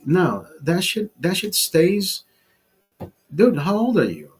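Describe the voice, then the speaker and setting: A fifty-year-old man talks straight to the camera in a blunt, profane rant. His voice is husky and a little high for a man. He trips over words and repeats himself as he pushes his point. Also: big pitch swings, slow pace, faint music behind. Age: 50s. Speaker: vlogger. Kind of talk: casual ranting monologue.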